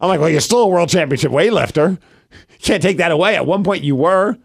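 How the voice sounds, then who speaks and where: A man's voice: on the high side, quick pace, creaky, husky. A man in his thirties co-hosting a casual podcast, telling stories animatedly and poking fun at himself. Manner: animated storyteller, self-mocking, acts out his own inner thoughts. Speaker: podcast co-host. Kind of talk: casual chat.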